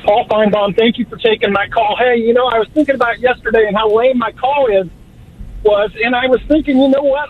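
A male caller on a radio show, talking in a mocking, rapid way. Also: fairly even intonation. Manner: mocking, rapid and high-pitched. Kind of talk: radio call-in chat. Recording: tinny phone line.

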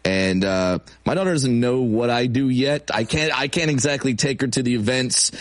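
A man's voice: mid-range voice, moderate pace, no room sound. Self-mocking comedian man, dry sound. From Southern California. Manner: self-deprecating, laughs while telling stories. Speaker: comedian guest. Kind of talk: casual interview chat.

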